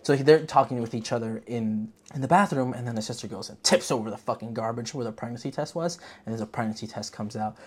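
A vlog host giving a casual movie review, talking in an animated, profane way full of filler words. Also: mid-range voice, fast talker, hardly any pauses.

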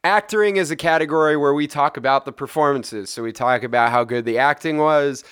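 A man's voice: fairly high pitch, fairly quick, a bit bright, clear, resonant tone, no echo, clean studio sound. A man co-hosting a casual movie podcast, laid-back and explaining things with lots of filler ums. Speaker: podcast co-host. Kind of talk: casual movie review chat.

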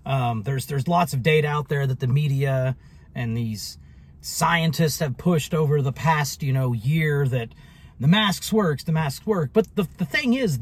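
A man's voice: a little high, slightly rough. A man telling a story in a casual vlog monologue, rambling and sarcastic, with many restarts. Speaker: vlogger.

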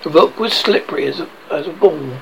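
A man's voice: on the high side, a little fast, gravelly, fairly bright tone, slight background noise, rough recording. A man reading a children's novel aloud, often tripping over words and correcting himself. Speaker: reader.

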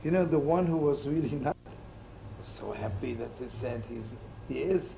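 Gravelly old-time rabbi telling stories. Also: male voice, medium pitch, lively intonation, normal speed, dark tone. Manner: folksy, jokey, sprinkles Yiddish and Hebrew words. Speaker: rabbi teaching. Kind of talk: storytelling sermon. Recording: noisy old recording.

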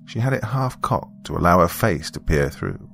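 A man narrating a first-person story in a calm, measured, reflective way. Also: deep voice, vocal fry, soft background music.

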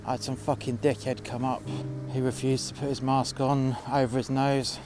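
A man's voice: mid-range voice, little pitch movement, moderate pace, background noise. A man narrating a workplace story in a blunt, sweary and sarcastic way, voicing the people in it. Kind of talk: storytelling monologue. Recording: music playing behind the voice.

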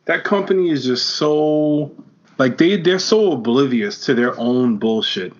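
A man's voice: mid-range voice, lively intonation, measured pace. A man co-hosting a casual wrestling podcast, ranting in an exasperated, heated way. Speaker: podcast co-host. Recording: dull lo-fi audio.

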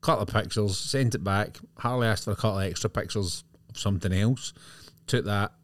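A man's voice: lowish voice, a little fast, no room sound. A man with a Scottish accent, co-hosting a casual podcast chat, blunt and forever checking that he is understood. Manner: blunt, keeps asking "do you know what I mean". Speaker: podcast co-host.

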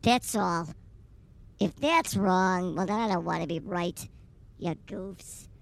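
A man's voice: high-pitched, takes it slowly, gravelly, full character voice. A man voicing a brash, flirty middle-aged woman passenger who rambles crudely and teases her driver in an improvised comedy sketch. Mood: flirty rambling.

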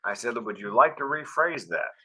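A man's voice: medium pitch, expressive, normal speed, sharp tone, poor audio. A middle-aged man, a guest speaker, telling wry personal stories and acting out dialogue. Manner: wry storyteller who acts out dialogue. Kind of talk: storytelling interview.

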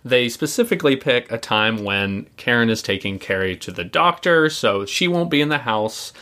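A man co-hosts a casual book podcast, recapping scenes and reacting to them with frank commentary. His pitch sits mid-range for a man, and his delivery is relaxed and conversational. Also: moderate pace. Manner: summarizing, reacting, with restarts. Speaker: podcast co-host.

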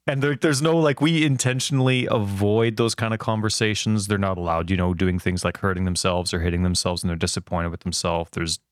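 A man in his thirties, co-hosting a casual chat and telling rambling, animated stories with lots of fillers. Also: sits low, brisk, few pauses, clean tone, no room sound. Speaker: podcast co-host.

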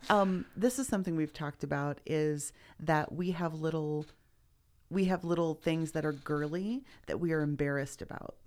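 A woman's voice: low-pitched, normal speed, darkish tone. A woman co-hosting a podcast, chatting casually in a candid, emphatic way and swearing freely. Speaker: podcast co-host. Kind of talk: casual chat.

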